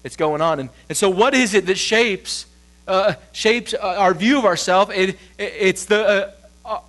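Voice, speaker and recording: Male pastor, high-pitched, casual storytelling sermon, light electrical hum behind. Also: normal speed, a bit bright. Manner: conversational storytelling, acting out quoted voices. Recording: low mains hum.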